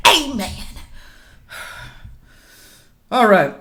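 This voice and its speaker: Bright-voiced, lively woman vlogger. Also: mid-range voice, very slow, pauses often. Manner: chatty, addresses viewers as y'all, rising to loud emphatic questions. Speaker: political commentary vlogger. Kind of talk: casual reaction commentary, reading news aloud.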